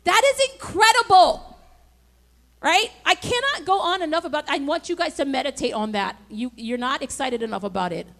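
Woman, pastor, high voice, emphatic conversational sermon. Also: lively intonation, normal speed, creaky, a bit bright. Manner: emphatic, conversational preaching with call-and-response.

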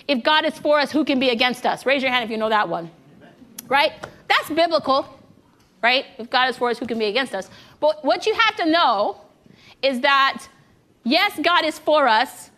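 A woman preaching a sermon to a congregation, lively and engaging them in call-and-response, a little out of breath. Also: sits high. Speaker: guest preacher.

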